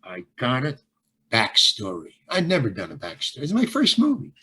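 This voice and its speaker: An older man, an actor and stand-up comedian, telling a story in an interview, halting and repeating words as he goes and acting out both sides of the dialogue. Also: mid-range voice, wildly swooping pitch, pushed and bright, slightly rough.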